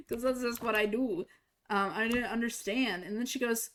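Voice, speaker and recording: A young woman streaming a game, telling a personal story in a casual, animated way and jumping higher to act out quoted lines. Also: measured pace, long pauses, a little hiss or hum. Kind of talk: casual storytelling while gaming.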